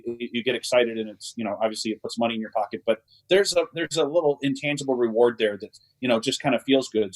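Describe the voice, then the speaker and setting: A man's voice: fairly high pitch, poor audio. Rambling male co-host. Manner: rambling, many restarts and fillers. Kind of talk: casual conversation.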